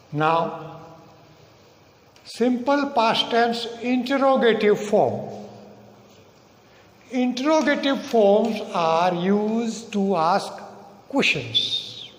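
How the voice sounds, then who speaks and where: Indian english guy teaching grammar, high voice, long hall reverb, repeats each example. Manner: slow, deliberate, repeats example sentences. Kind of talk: recorded classroom grammar lesson. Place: school classroom or hall. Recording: echoey hall recording.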